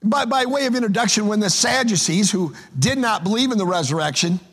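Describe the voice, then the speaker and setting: A man with a high, husky voice delivers an emphatic sermon from the pulpit. He often stumbles back over the first word of a phrase as he presses his point. His voice rings out with the long reverb of a large church hall. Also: lively intonation, a little fast, a bit bright. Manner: emphatic preaching, repeats words at starts of phrases. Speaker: pastor.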